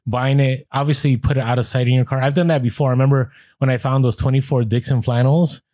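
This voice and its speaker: A man with a Latino accent, chatting easily as a podcast co-host. His pitch is mid-range, and the sound is close and dry. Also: fairly even intonation, fast talker, dark tone, no room sound. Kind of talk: casual podcast chat.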